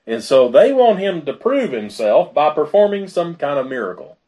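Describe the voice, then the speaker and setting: A man's voice: fairly high pitch, sing-song, moderate pace, hardly any pauses, dark tone. A man preaching a sermon in a conversational way, with fillers and asides. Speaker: pastor.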